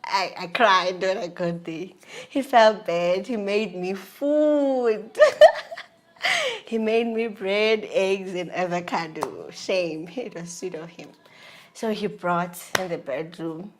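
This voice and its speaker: A young woman with a South African accent, telling a personal story in an animated, laughing, slangy way. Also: fairly low pitch, takes it slowly. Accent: South African English. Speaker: vlogger. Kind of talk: storytelling about her marriage.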